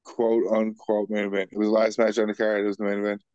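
A man's voice: on the low side, completely flat delivery, quick pace, a little mellow, clean tone, no room sound. A man co-hosting a casual podcast watchalong, stubborn and contrarian in debate. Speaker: podcast co-host. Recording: dull lo-fi mic.

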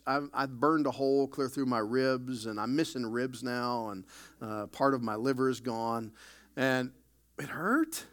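A man pastor preaching a sermon, emphatic with sudden loud bursts and folksy storytelling asides. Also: medium pitch.

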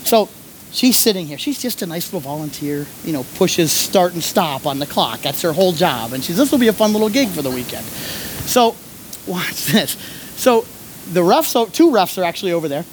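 A man preaching and telling a story, animated, shouting when he acts out scenes. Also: high-pitched, normal speed, slight background noise. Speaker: pastor and coach. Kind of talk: sermon with storytelling.

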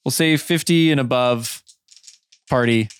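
A man's voice: mid-range voice, unhurried, smooth. A man narrating as game master of a tabletop game, loose and playful, laughing often.

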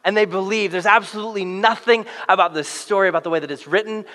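Animated high-voiced man preaching in a reverberant hall. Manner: animated, playful, acts out quick voices for biblical characters. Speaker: pastor. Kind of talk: sermon.

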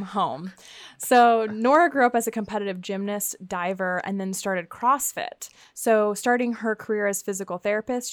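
A woman's voice: mid-range voice, no room sound. Upbeat Southern US woman podcast host. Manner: upbeat, reads guest intros. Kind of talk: casual podcast chat.

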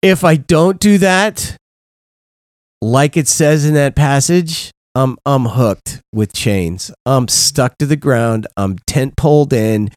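A middle-aged man co-hosting a podcast, telling candid, profane stories in a casual, animated way. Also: mid-range voice, slow, no room sound, studio quality. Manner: blunt, profane, animated, frequent "right?". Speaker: podcast co-host.

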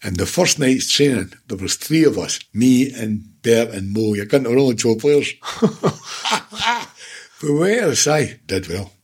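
A man's voice: medium pitch, animated, normal speed, hardly any pauses, slightly rough. A Scottish man in his seventies, a former football manager, telling stories in a casual interview, blunt and swearing freely with laughs between. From Scotland. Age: 70s.

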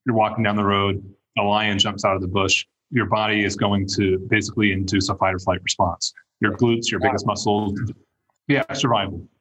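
Brief: low husky man, podcast host, thoughtful delivery. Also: level tone, normal speed, fairly bright tone, low-quality recording. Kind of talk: podcast interview.

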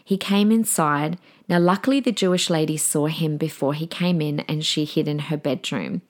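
A woman's voice: low-pitched, moderate pace. A woman hosting a podcast, talking earnestly and with emphasis, and acting out imagined conversations. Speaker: podcast host. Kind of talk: impassioned monologue.

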